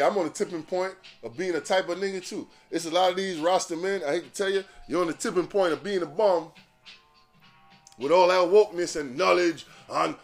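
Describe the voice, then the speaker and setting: A man hosting a podcast, ranting casually in profane, animated street slang. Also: a little high, gravelly. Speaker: podcast host. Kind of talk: casual rant.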